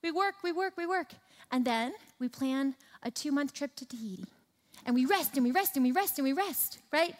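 Nadrukkelijke vrouw die predikt in een galmende zaal. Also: female voice, high voice, lively intonation, normal speed, long reverb tail. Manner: emphatic, repeats phrases for rhythm. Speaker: speaker at a church teaching session. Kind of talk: sermon.

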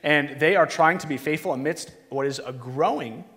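A man leads a prayer and then a sermon in an earnest, conversational way, pausing on fillers and restarting phrases. His voice sits a little higher than most men's. The room behind him is a large church with a long, ringing reverb. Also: a bit bright. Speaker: pastor.

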